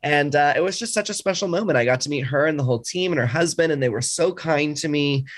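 This is a man co-hosting a podcast in loose, casual chat. He is animated and gushing and laughs readily. His speaking voice sits somewhat high for a man. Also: quick pace. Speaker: podcast co-host.

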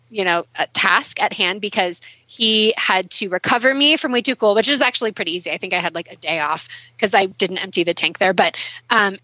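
A young adult woman talking as a guest on a casual podcast interview, animated and emotional, speaking in quick bursts. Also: medium pitch, no echo. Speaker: guest ultrarunner. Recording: muffled dry recording.

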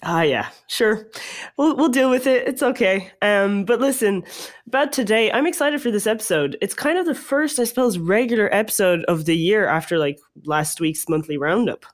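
A woman's voice: mid-range voice, animated, moderate pace. A woman co-hosting a podcast in casual chat, her voice nasal from a cold, laughing often. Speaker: podcast co-host.

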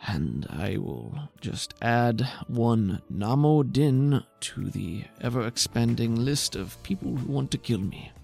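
A man's voice: mid-range voice, sing-song, slow, vocal fry, few pauses, darkish tone, faint music behind, full character voice. Man voicing a blunt, guarded schemer. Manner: terse, matter-of-fact. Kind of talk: voicing a character in a tabletop game.

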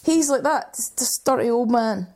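A young woman co-hosting a podcast, telling lively anecdotes in casual chat. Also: a little high, moderate pace. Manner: animated anecdote-telling with laughs. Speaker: podcast co-host.

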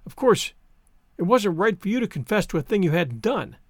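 A male narrator voicing a stern, strict older spinster woman in a storybook reading, brisk and scolding. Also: sits high, sing-song, no echo, studio quality. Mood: contrite.

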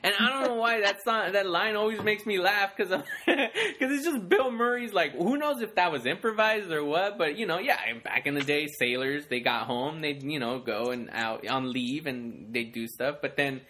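A man's voice: fairly high pitch, animated, normal speed, few pauses, bright, forceful tone, a little hiss or hum. A man chatting casually as a podcast co-host, laughing often and acting out movie lines. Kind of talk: casual chat.

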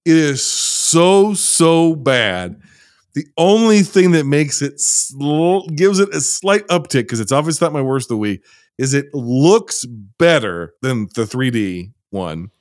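A man's voice: mid-range voice, unhurried, dry recording. A sardonic man hosts a casual podcast chat. His voice moves a lot, rising and falling as he talks. The sound is dry and close. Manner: sardonic, animated. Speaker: podcast host.

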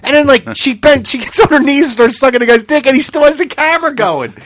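Animated, profane man laughing through stories. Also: very high voice, quick pace, no echo. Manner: incredulous, exclaiming outbursts. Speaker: podcast co-host. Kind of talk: casual chat.

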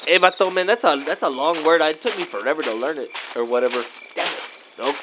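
A man's voice: fairly high pitch, a little fast, background noise, close to an everyday voice. A man playing a laid-back guy, rambling in slangy drawled talk full of "man" and "vato". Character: laid-back Mexican-American guy trick-or-treating with buddies.

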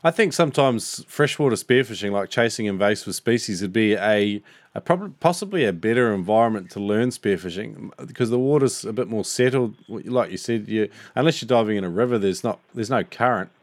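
A man's voice: lowish voice, expressive, fairly quick, no echo. A man hosting a podcast, relaxing into casual chat and asking questions. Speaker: podcast host.

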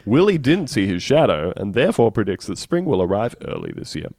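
On a dry recording, a man with a fairly low, sing-song, slightly mellow and husky voice co-hosts a comedy podcast. He talks briskly and reads news stories aloud in a dry, wry tone, laughing between them in casual comedic chat.

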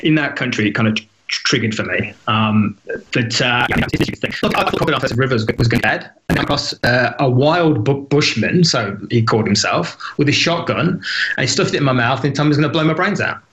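A man's voice: medium pitch, lively intonation, quick pace, fairly bright tone. A man from Britain, a podcast guest, telling a story casually, stumbling over and repeating words and laughing often.

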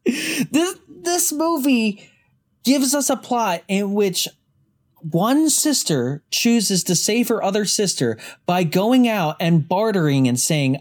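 Animated podcast host recapping a movie. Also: medium pitch, slow pace. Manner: animated, wry, laughs often, acts out quotes. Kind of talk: casual movie discussion.

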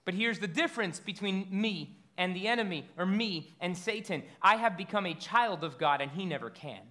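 Pastor, man in his thirties, high and bright, lively sermon with stumbles and repeats. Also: moderate pace. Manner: animated storytelling preacher, stumbles and repeats words.

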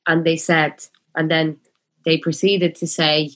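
A woman's voice: low voice, flat delivery, fairly bright tone. A woman in her twenties with a Dublin accent, talking passionately in a casual chat, full of fillers. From Ireland. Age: 20s. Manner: passionate, talks fast with many fillers.

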